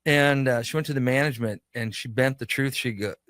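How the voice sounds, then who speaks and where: A man guesting on a radio talk show, spinning a long anecdote and playing out each exchange of dialogue. His voice sits at an ordinary middle pitch. It is recorded close and dry, with no room sound. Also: brisk, fairly bright tone, no room sound. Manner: chatty anecdotal storytelling, acts out quoted dialogue. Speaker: guest, pop culture shop owner. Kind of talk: radio interview storytelling.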